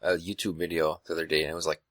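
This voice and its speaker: Fast-talking deep-voiced man. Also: flat delivery, a bit bright, no echo, clean studio sound. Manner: teasing, eager questioner. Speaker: podcast co-host. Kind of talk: casual chat.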